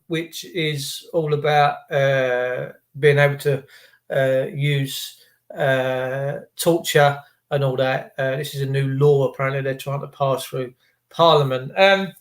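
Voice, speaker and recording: A man's voice: a little high, fairly bright tone. A man hosting a casual live stream, rambling and teasing as he greets viewers by name. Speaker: livestream host.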